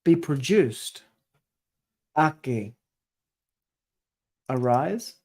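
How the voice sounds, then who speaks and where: A man's voice: medium pitch, expressive, very slow. A man working through a translation aloud, tentative and self-correcting as he muses over each word. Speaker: scripture study presenter.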